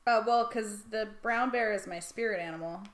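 A woman guest on a podcast in casual chat, mock-serious and quick to laugh. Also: mid-range voice, roomy sound.

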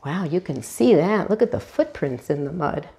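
A woman volunteer reading a children's storybook aloud, animated and asking her young listeners questions. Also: fairly low pitch, moderate pace. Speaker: hospital volunteer reader.

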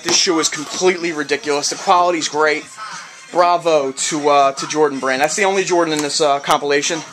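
A man's voice: fairly high pitch, fairly bright tone. Hyped, slangy man reviewing sneakers. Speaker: sneaker vlogger. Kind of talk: casual video review.

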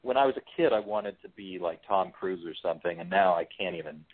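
Deep-voiced man on a tinny phone line. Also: quick pace. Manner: relaxed, chatty, frequent restarts. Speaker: interview guest, screenwriter and voice actor. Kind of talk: casual interview chat.

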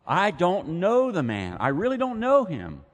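A man voicing a frightened, cornered fisherman who loudly denies knowing his friend. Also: fairly low pitch, animated, a little fast. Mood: defensive. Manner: defensive, loud denials. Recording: long reverb of a church hall.

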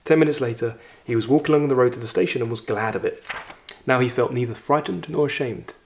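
A man reads a classic short story aloud, lifting his voice for the quoted lines. Between passages he slips into reflective, conversational commentary. His pitch sits in an ordinary middle register. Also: quick pace, a little hiss or hum. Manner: expressive reading, raises voice for quoted lines, reflective asides. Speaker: literature teacher reading aloud.

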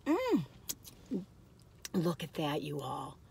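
A chatty, excitable woman, reviewing food from her parked car and talking as she eats. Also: sits low, very slow, gravelly, slightly rough, no room sound. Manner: chatty, excitable, folksy, talks while eating.

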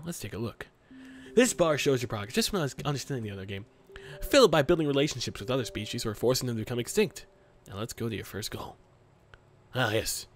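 A young gaming YouTuber provides casual let's play commentary, joking, reading on-screen prompts aloud, and talking to his creature. His voice is medium-pitched, with a little hiss or hum in the recording.

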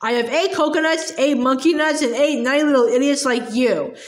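A woman's voice: sits high, brisk, close to an everyday voice. Woman doing a bellowing bully headmistress. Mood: furious. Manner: shouting insults, barking orders. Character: booming bullying giant headmistress, cruel. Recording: echoey room.

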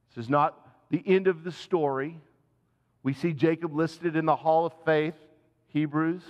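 A man's voice: mid-range voice, in a large hall, muffled recording. A man, a senior pastor, preaching a sermon in an earnest, conversational way and asking the congregation direct questions. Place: church sanctuary.

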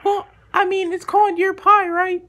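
A man voicing a timid, high-voiced male caller in a squeaky falsetto, stammering with lots of ums. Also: little pitch movement, normal speed, crowd noise. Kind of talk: prank phone call.

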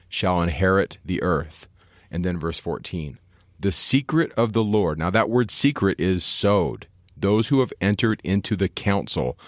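Low-voiced man teaching scripture. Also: no room sound, clean studio sound. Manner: slows down to read verses aloud, explanatory. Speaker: podcast co-host, scripture teacher. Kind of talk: casual scripture discussion.

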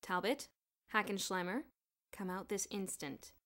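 A woman's voice: medium pitch, unhurried, a bit bright, lightly acted. A woman voicing a stern, dignified male headmaster in an audiobook, formal and commanding. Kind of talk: audiobook character voice.

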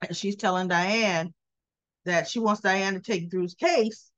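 A woman in her sixties giving a chatty, casual recap of a soap episode, talking through the scenes in an animated way. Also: takes it slowly, no room sound. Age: 60s. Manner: chatty, acting out the characters' lines with lively pitch jumps. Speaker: soap opera recap vlogger. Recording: slightly dull, lo-fi audio.

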